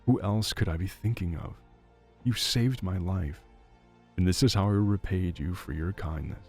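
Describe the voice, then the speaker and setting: A remorseful ex-convict father speaks with anguished self-reproach, as a male storyteller puts him on. The voice sits very low with a gravelly edge, and faint music hums behind it. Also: moderate pace, a little mellow. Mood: wistful.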